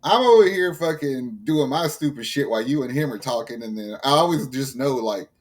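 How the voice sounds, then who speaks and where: Texan guy, mid-pitched, loose and profane, animated storyteller in casual chat. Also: brisk. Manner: profane, animated storytelling about gym routine. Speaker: podcast co-host.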